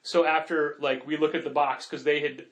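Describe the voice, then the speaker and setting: A man with a fairly high voice chats casually as a podcast co-host. He rambles a little, tosses in quick asides and laughs often. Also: little pitch movement, a bit bright. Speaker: podcast co-host and comic shop owner. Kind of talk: casual chat.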